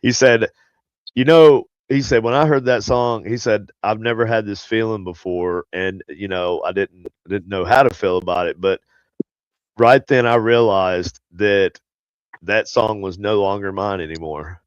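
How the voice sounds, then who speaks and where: A man's voice: on the low side, measured pace, clear, resonant tone, no echo, muffled recording. A man hosting a paranormal podcast, chatting casually and rambling with many fillers and restarts. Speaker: podcast host. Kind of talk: casual chat.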